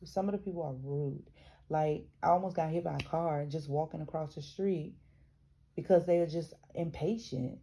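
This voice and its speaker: Gravelly low-voiced woman reading aloud. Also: normal speed, dark tone. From American South. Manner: frequent restarts and self-corrections while reading. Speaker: reader. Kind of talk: reading a book aloud with chatty asides.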